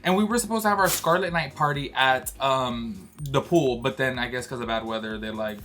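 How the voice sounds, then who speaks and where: This Georgia man's travel vlog, recorded in his cruise cabin, is chatty and rambling, packed with fillers and asides about the trip. He speaks fairly quickly in a mid-range, slightly bright voice.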